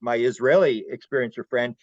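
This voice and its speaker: A man speaks in a loose, rambling way, doubling back on words as he chases a thought. His voice is mid-pitched. The sound is dull and lo-fi, as if it comes over a call, and it is dry. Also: a little fast, dry recording. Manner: rambling, repeats words, acts out quoted voices. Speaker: UFO researcher and guest. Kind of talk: casual roundtable discussion.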